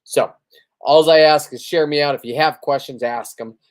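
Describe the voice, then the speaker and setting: A man's voice: fairly high pitch, steady tone, normal speed. A man chatting loosely on his own livestream, tipsy after a few beers, rambling, swearing freely and boasting about his day. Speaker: livestreaming spearfisherman. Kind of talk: casual livestream chat.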